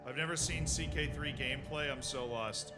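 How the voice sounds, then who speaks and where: A man's voice: on the high side, steady tone, normal speed, over music. A man streaming a strategy game, chatting casually with his viewers in a self-mocking way over a headset mic. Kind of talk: livestream gaming commentary.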